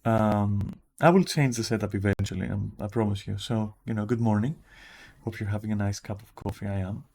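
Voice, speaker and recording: Man, streamer, raspy morning voice, lowish pitch, rambling casual chat, swears casually. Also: steady tone, fairly quick, a little mellow. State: just woken up. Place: at home in front of a camera.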